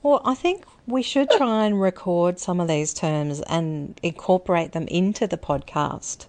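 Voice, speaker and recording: Low-voiced teasing woman. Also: expressive, measured pace, darkish tone. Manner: dry, teasing quips with laughter. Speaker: podcast co-host. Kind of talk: casual chat.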